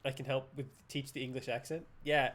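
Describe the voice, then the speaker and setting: A man's voice: medium pitch, fairly even intonation, brisk, a bit bright. A young Australian man streaming a game live, joking and laughing with chat. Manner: giggly, playful, jokey.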